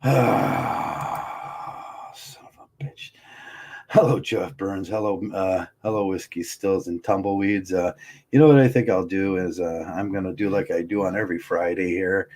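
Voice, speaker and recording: A man's voice: low voice, fairly even intonation, normal speed, darkish tone. A man hosting a livestream, ranting heatedly and bluntly, often stumbling and restarting his words. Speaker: livestream host.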